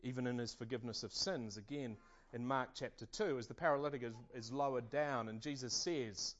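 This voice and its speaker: Male preacher, earnest and measured, mid-range voice, slightly muffled lo-fi sound. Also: medium pitch, steady tone. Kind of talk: sermon. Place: church service.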